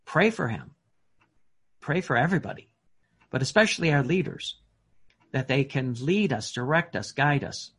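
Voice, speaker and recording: A man preaching a sermon in an earnest, emphatic way, often pausing on fillers and restarting his words. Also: mid-range voice, expressive, fairly bright tone, slightly rough.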